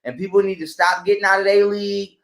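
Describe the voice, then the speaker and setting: A man's voice: high voice, steady tone, quick pace, gravelly, reverberant. A man giving blunt, profane relationship advice in a casual live-stream talk, preaching at his listeners. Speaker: podcast guest.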